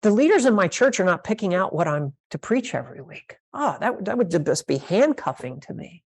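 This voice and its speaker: A woman pastor with a fairly low voice leads a master class for church leaders. She speaks emphatically, drives points home by repeating key phrases, and now and then acts out how a conversation should sound. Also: very animated, fairly quick, breathy edge. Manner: emphatic, repeats key phrases, role-plays sample talks.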